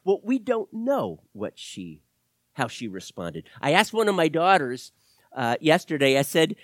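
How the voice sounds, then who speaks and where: A middle-aged male pastor preaching a sermon, animated, swinging from loud exclamations to hushed, whispered asides. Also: on the high side, unhurried, no room sound.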